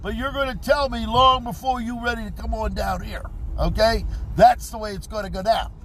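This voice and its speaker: A man's voice: high voice, fairly even intonation, moderate pace, fairly bright tone, a little hiss or hum. A man in his fifties hosting a live stream outdoors, talking in a brash, swaggering, repetitive way. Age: 50s. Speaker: livestream host. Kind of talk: boastful live-stream monologue.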